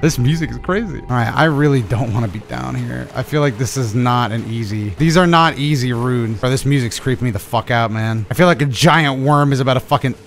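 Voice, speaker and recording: A man giving excitable, profane let's play commentary, bursting into yelps and laughter as he plays. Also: medium pitch, brisk, gravelly, hardly any pauses, a little hiss or hum. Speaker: gaming video creator.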